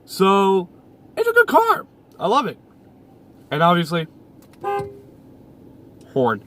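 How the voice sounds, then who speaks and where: A young man with a somewhat high voice talks to his viewers from inside his parked car. He rambles in a loose, casual vlog style, full of fillers and repeated lines. The sound is picked up by a camera sitting on the dashboard. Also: huge pitch swings, takes it slowly, fairly bright tone. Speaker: YouTuber. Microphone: camera mounted on the dash.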